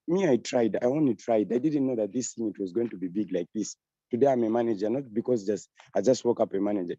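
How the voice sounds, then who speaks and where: A man's voice: medium pitch, warm tone, no room sound, lo-fi sound. A young man giving an earnest, repetitive testimony on a video call. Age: young adult. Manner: earnest, repeats phrases, restarts, emphatic. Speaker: guest speaker giving a testimony. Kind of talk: online business meeting testimony.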